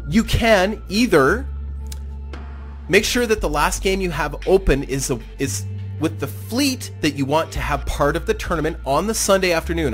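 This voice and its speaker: Animated chatty man commentating a game. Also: fairly high pitch. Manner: animated, chatty, self-deprecating with laughs. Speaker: gaming YouTuber hosting a tournament.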